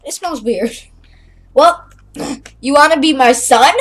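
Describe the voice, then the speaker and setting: A woman's voice: high-pitched, slow pace. A young woman casually chatting while she plays a game, playful and silly, narrating her own moves. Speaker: channel host playing a game. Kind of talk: casual gameplay chat.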